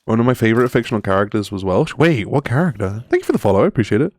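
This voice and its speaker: A man's voice: medium pitch, very animated, racing, darkish tone, no echo. A man in his twenties streaming a game, chatting casually, laughing often and rambling with lots of fillers. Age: 20s. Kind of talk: casual live-stream chat.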